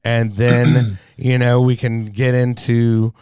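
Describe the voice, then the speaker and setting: Brief: easygoing male podcast host, gravelly yet clear, dry studio sound. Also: mid-range voice, level tone, takes it slowly, dark tone, dry recording. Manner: rambling, laughing easily, lots of fillers. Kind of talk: casual podcast chat.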